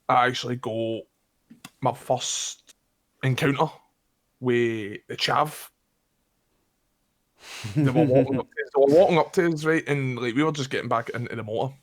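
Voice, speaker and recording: Glaswegian man, dry deadpan storyteller, casual podcast chat. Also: medium pitch. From Glasgow. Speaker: podcast co-host.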